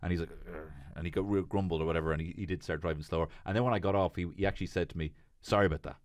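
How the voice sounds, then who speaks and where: A man's voice: low voice, steady tone, racing, a little mellow, no echo, studio quality. An Irish man hosting a casual comedy podcast, telling stories with lots of swearing and acted voices. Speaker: podcast host.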